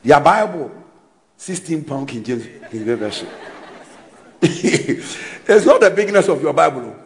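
A man preaching a sermon in an animated way, shouting and mocking people's voices. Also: a little high, measured pace, creaky.

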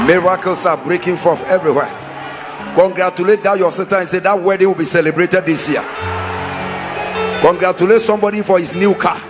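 A male pastor leading a congregation in fervent prayer, chanting repeated phrases and rising into shouts. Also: high voice. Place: church service.

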